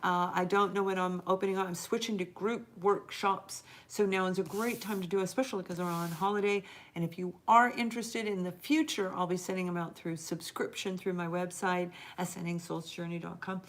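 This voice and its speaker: A woman's voice: fairly low pitch, fairly even intonation, fairly quick, few pauses. A middle-aged woman giving a live tarot reading as host, talking earnestly and encouragingly straight to her viewers and stretching out the words she stresses.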